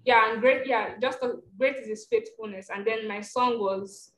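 A woman's voice: a little high, normal speed. A woman sharing her faith on a call, rambling, reflective and apologetic as she goes. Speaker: participant. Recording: roomy call with faint hum.

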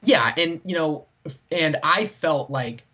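Male co-host, husky voice, rambling anecdote style with many fillers, lo-fi dull recording. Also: on the high side, expressive, slow, pushed and bright. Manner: rambling, heavy use of "like" and "right?". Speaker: podcast co-host. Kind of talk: casual storytelling chat. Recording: dull lo-fi sound.

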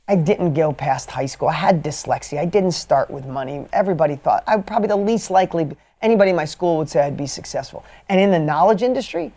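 A man giving a motivational training talk, energetic and emphatic, switching between quick bursts and slow drawn-out stresses, blunt and mildly profane. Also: fairly high pitch.

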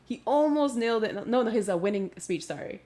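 A woman co-hosting a podcast in casual chat, animated and sweary, laughing often. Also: fairly high pitch, a little fast. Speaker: podcast co-host.

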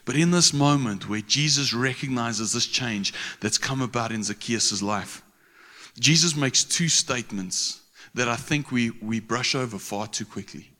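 A man's voice: medium pitch, unhurried, pushed and bright, long reverb tail. A man preaching a sermon in a casual, slangy way, with frequent restarts.

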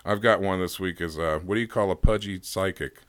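A man's voice: sits low, brisk, a bit bright, no echo. A man co-hosting a casual podcast, reading odd news stories and joking with his partner. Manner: joking, reads quotes aloud with playful voices. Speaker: podcast co-host.

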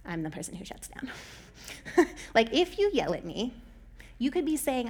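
A woman's voice: on the high side, very animated, normal speed, darkish tone. A young adult woman talking casually as a host, chatty and full of "like" fillers, often laughing between points. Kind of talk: casual chat.

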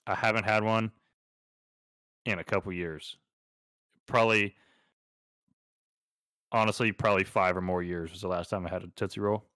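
A man's voice: sits low, fairly even intonation, moderate pace, pauses often, fairly bright tone, dry recording, studio quality. An easygoing young man in casual podcast chat, laughing often and using casual slang.

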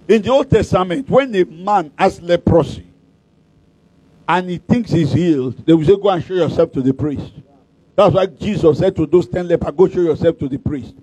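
A man's voice: fairly high pitch, normal speed, mellow, breathy edge, no room sound, low-quality recording. A middle-aged male pastor, preaching at a convention with emphatic, repeated declarations and humorous stories. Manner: humorous storytelling.

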